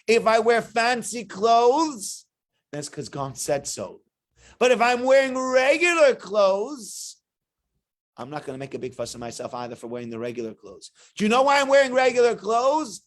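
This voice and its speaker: A man voicing an earnest high priest, high and insistent. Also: sing-song, normal speed.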